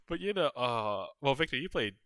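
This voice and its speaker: A young man co-hosting a casual gaming podcast, making quick offhand asides. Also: medium pitch, a bit bright, no echo, studio quality. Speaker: podcast co-host.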